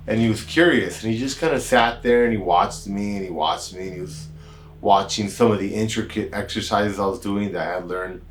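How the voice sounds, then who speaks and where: Doctor with an American accent, lower voice, loose chatty storytelling. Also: male voice, slight background noise. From United States. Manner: relaxed, rambling, with many "kinda" and "you know" asides. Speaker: doctor hosting a health channel. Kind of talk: casual storytelling to camera.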